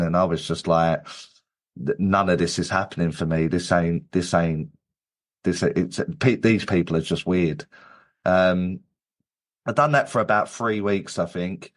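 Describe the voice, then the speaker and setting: A man, a medium and guest, telling his story in casual chat with many restarts and fillers. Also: sits low.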